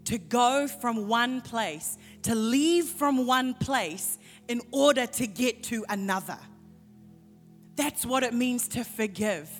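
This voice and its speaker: A fairly high-voiced woman pastor preaches with passion, her voice ringing through a large hall with a long reverb tail. Faint music plays underneath, and now and then she drops into quick, hushed asides. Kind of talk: sermon.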